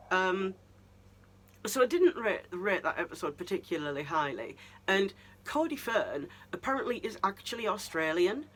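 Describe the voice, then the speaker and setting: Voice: medium pitch, fairly bright tone. A vlogger giving a casual review monologue of a TV season, ranting and incredulous, with many restarts.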